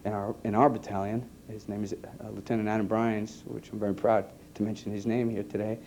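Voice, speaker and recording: A man, an EMT giving an earnest personal testimony to an audience, halting and repeating his words. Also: on the low side, level tone, darkish tone, a little hiss or hum. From New York. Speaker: EMT speaking to a conference.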